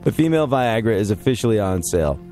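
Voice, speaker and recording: A man's voice: fairly low pitch, very animated, quick pace, warm tone, soft background music. A man from New York with a New York accent, hosting a comedic chat show and rambling jokily with lots of fillers. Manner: rambling and jokey, many fillers and restarts. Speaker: show host.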